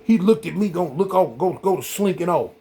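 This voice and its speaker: High-voiced middle-aged man telling a story. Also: brisk. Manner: rambling and animated, full of "man" and "y'all". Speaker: vlog host. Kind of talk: casual storytelling to camera.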